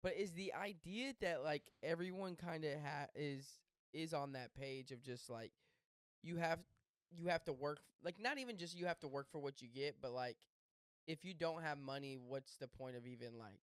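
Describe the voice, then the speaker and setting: A man's voice: a little high, normal speed, smooth, no room sound, clean studio sound. A man co-hosting a podcast, chatting casually and animatedly, mocking other people's arguments and swearing. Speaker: podcast co-host.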